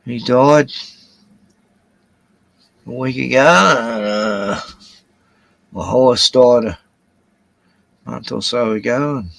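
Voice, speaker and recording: A man's voice: medium pitch, takes it slowly, vocal fry, pauses often, fairly bright tone, no room sound, low-quality recording. An older Australian man rambling through a casual solo livestream at home, swearing freely as he drifts between topics. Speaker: livestream host.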